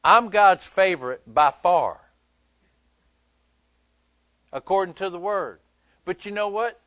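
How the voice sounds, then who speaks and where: A man's voice: sits high, fairly bright tone, dry recording. A male pastor preaching a sermon in a conversational, emphatic way, joking with his listeners.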